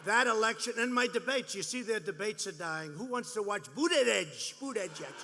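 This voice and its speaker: A man's voice: high-pitched, lively intonation, moderate pace, bright, forceful tone, big-room sound, slight background noise. A man in his seventies giving a rambling, boastful, mocking campaign rally speech, repeating his phrases. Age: 70s. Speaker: politician speaking at a rally. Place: large rally venue.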